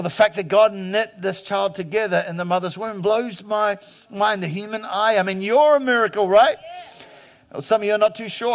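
A high-pitched man in his fifties preaches with emphatic energy. He acts out the voices of the people in his stories and swings from loud declarations to hushed asides. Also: fairly quick, vocal fry. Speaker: pastor. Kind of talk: sermon.

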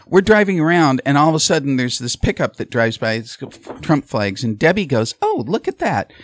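Animated, laughing male podcast host. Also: mid-range voice, brisk, dry recording. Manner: animated storyteller, laughs often. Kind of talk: casual political chat.

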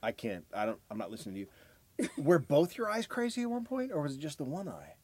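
A man with a husky voice throws in teasing, incredulous questions as co-host of a comedy podcast. His pitch jumps around a lot, and his voice sounds dry and close to the mic. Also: huge pitch swings, brisk, a little mellow, dry recording. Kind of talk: casual comedic chat.

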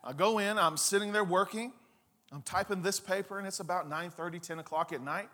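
A man preaching a sermon, telling a personal story with lively, acted-out scenes and asides to the congregation. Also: sits high, fairly quick. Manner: animated storyteller, acts out scenes and quotes. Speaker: pastor.

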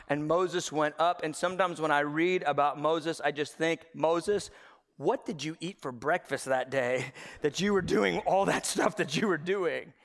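High-voiced pastor preaching in a reverberant hall. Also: male voice. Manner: animated storytelling, acting out Bible figures with shouts. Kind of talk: sermon. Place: church sanctuary.

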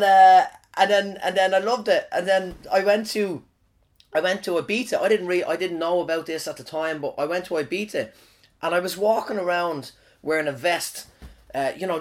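A man in his thirties, hosting a podcast alone and telling crude comic stories, swearing and rambling with frequent restarts. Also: sits high. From Ireland. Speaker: podcast host. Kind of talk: casual comic storytelling monologue.

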